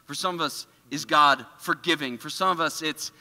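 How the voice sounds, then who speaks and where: A man giving a casual, animated storytelling sermon in a church, full of filler words. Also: fairly high pitch, moderate pace, long reverb tail. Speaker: church speaker. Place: church auditorium.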